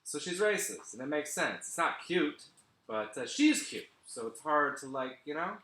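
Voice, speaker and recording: A man performing stand-up over a live stream, his voice bright and forceful. He delivers sardonic, deadpan asides and keeps chuckling at his own material. The sound bounces around a roomy, echoey space picked up by a laptop mic. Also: a little high, moderate pace. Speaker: stand-up comedian.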